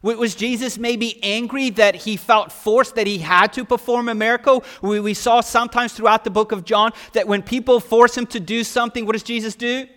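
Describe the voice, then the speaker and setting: A man preaching a sermon, asking rhetorical questions and swinging from loud emphasis to hushed lines. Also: extremely high pitch, steady tone, a little fast, few pauses. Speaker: pastor. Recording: long hall reverb.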